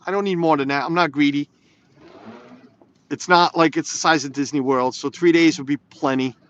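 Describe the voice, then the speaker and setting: A man's voice: fairly high pitch, fairly even intonation, normal speed, a bit bright. A man chatting casually to viewers while driving in snow, rambling and reading comments aloud. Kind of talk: casual live-stream chat from a car. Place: inside a car on snowy roads. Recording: slightly dull lo-fi phone audio.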